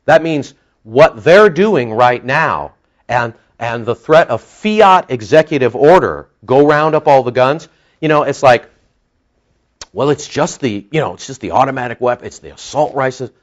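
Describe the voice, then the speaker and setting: A man's voice: mid-range voice, animated, normal speed. A man preaching a sermon with impassioned, emphatic delivery that rises into outbursts. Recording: dull lo-fi sound.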